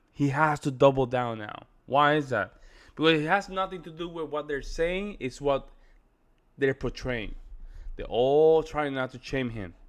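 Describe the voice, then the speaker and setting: A man commenting on a debate clip for his viewers, emphatic and repeating his points. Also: on the high side. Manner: emphatic, repetitive, addressing viewers. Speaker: reaction video host. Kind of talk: reaction commentary.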